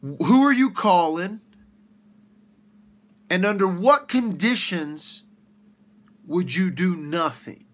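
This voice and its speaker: A man hosting a livestream, ranting with rhetorical questions in an animated way. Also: high-pitched, slow, long pauses. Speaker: livestream host.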